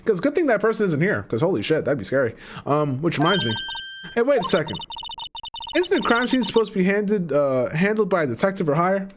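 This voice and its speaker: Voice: medium pitch, big pitch swings, brisk. A streamer casually commenting on a game and reading its dialogue aloud in a jokey manner, swearing often. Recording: game music playing behind.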